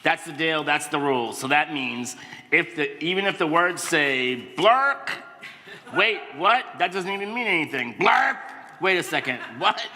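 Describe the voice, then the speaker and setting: In a large church sanctuary, a playful man in his 50s reads a children's book aloud to kids, his voice on the high side, expressive, pushed and bright at normal speed. He's self-mocking and makes exaggerated silly sounds. The hall is reverberant, with faint noise.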